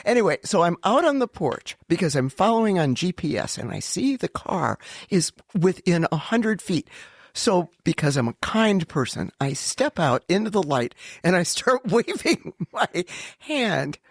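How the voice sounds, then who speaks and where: An older woman co-hosting a podcast, telling a story in a theatrical, animated way and laughing often. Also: fairly low pitch, moderate pace, breathy edge, no room sound, clean studio sound. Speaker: podcast co-host. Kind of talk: casual storytelling chat.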